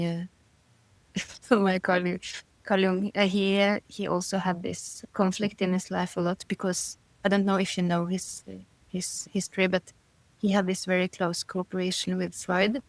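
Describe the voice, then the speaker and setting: A woman's voice: lowish voice, little pitch movement, moderate pace, dry recording, rough recording. A middle-aged woman being interviewed, talking thoughtfully and searching for her words, often breaking into light laughter between thoughts. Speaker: guest. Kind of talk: casual interview conversation.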